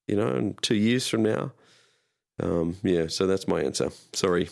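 A man's voice: low voice, moderate pace, gravelly, a little mellow. An Australian man, a pastor, chatting as a guest in a rambling, self-deprecating way. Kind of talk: casual conversation.

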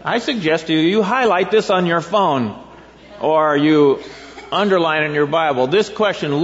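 A man's voice: fairly high pitch, expressive, normal speed, creaky. A male pastor giving a conversational sermon, reading scripture aloud and posing rhetorical questions in a rambling way. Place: church sanctuary. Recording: dull, echoey church recording.

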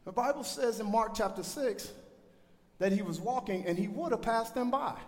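A man with a very high voice preaches a sermon to his congregation. He swings between loud, shouted peaks and soft asides. His voice rings with the long reverb of a church hall. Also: normal speed. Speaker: pastor.

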